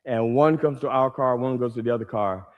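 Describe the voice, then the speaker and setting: A male stand-up comedian telling a long story to a crowd, swinging between low asides and loud acted-out lines. His pitch sits in an ordinary middle range for a man. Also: brisk, phone-quality sound. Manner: animated storytelling, acting out shouting quotes.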